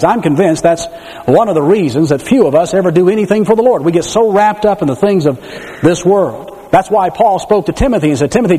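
A man preaching a sermon, telling stories and asking rhetorical questions, in an echoey hall. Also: high-pitched. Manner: animated storytelling with rhetorical questions.

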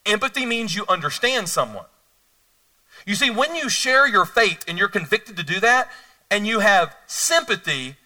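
A middle-aged man preaching a sermon as a pastor, telling stories animatedly and swinging between hushed and loud delivery. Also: sits high, lively intonation, normal speed, recorded from a distance.

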